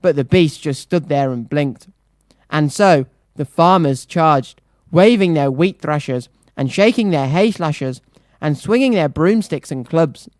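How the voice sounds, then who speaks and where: A children's radio presenter reading a storybook aloud with a lively, rhythmic swing. The voice sits in a middle pitch. The sound is close and dry, with no room echo. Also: unhurried. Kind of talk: reading a picture book aloud.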